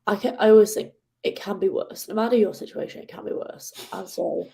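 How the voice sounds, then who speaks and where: A young woman, a guest telling a lively personal story in a casual interview, now and then acting out her own angry shouts. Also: fairly quick, vocal fry. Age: 20s. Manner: animated, acts out her own angry outbursts in a higher voice. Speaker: guest, ocean rower.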